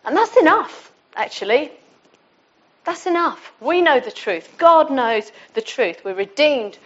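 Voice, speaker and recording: A woman's voice: high voice, animated, a little slow. A middle-aged woman giving an informal, conversational sermon to her church. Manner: warm, conversational, with restarts. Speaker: church speaker. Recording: dull lo-fi sound.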